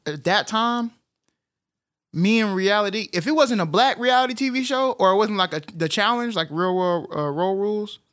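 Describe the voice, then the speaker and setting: A man's voice: high voice, lively intonation, moderate pace, a bit bright. Playful man with a slight R lisp. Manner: playful, jokey, chatty. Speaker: podcast co-host. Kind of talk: casual chat.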